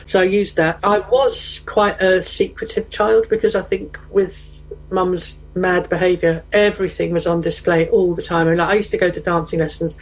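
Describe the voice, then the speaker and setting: A woman's voice: fairly low pitch, normal speed, rough recording. A woman, a guest candidly telling personal stories and acting out other people's voices. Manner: animated, acts out quoted voices.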